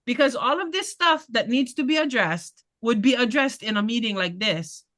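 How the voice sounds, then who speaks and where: A woman's voice: on the high side, animated, moderate pace, a bit bright. A woman candidate speaks bluntly and passionately to neighbors at a community meeting. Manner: passionate, blunt, laughing asides. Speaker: political candidate.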